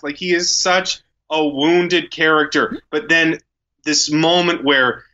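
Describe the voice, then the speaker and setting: A man with a bright, forceful voice leads a casual movie chat, animated and quick to act out scenes. He stumbles over his first words now and then. The recording sounds dull and lo-fi. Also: fairly high pitch. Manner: animated, acts out quotes, repeats words when starting.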